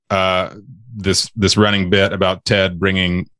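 A man with a low voice guides a relaxed podcast conversation, pausing on fillers as he moves things along. The recording is close and dry. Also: smooth, no echo. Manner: relaxed, steers the discussion with hesitant fillers. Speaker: podcast host. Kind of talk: casual chat.

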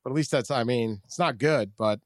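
A man's voice: medium pitch, brisk, dry recording. A Boston-accented man hosting a casual sports podcast, tripping over his words and poking fun at himself. His voice sits mid-range, and the dry close mic holds no room sound at all. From Massachusetts. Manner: stammering, self-deprecating, jokey. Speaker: podcast host.

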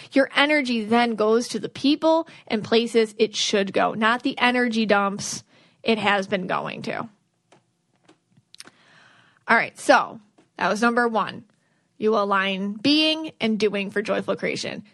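A woman's voice: a little high, a bit bright, dry recording. A woman hosting a podcast, giving spiritual advice in an earnest, rambling way that restarts sentences. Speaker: podcast host, aura reader.

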